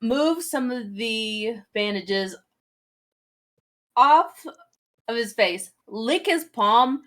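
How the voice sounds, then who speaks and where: A woman describing her character's actions as a player in a tabletop game, relaxed. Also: on the high side, very slow, long pauses.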